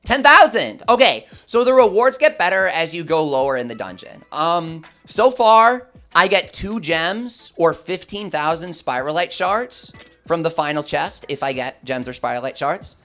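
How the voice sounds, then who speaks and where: A young man commentating live gameplay and chatting with his viewers, swinging between hype and quick explanations. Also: a little high, very animated, bright, forceful tone, faint music behind. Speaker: gaming streamer.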